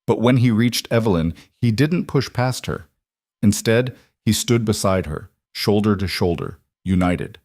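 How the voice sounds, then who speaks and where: A man narrating a romance story in a measured, dramatic way. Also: lowish voice, animated, darkish tone, dry recording, clean studio sound.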